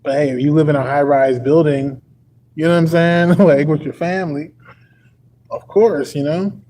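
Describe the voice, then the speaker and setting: A man's voice: fairly high pitch, fairly even intonation, moderate pace, warm tone, slight background noise, poor audio. A young man from Texas chatting on a livestream. He rambles and stacks up "like" fillers. He chuckles often as he talks. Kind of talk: casual livestream chat.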